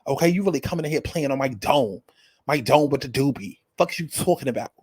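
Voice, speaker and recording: A man's voice: medium pitch, expressive, quick pace, darkish tone, breathy edge. A man voicing a brash, furious New York woman from a reality show, ranting with heavy profanity and street slang.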